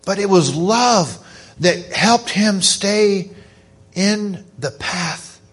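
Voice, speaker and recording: Hoarse, fervent middle-aged male preacher. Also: high voice, drawn-out words. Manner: fervent, rising to excited emphasis. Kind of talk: sermon. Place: church.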